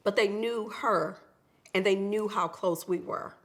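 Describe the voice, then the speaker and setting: A woman's voice: mid-range voice, measured pace, fairly bright tone. Woman telling her story. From Memphis, Tennessee. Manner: reflective storyteller. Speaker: guest. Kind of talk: interview.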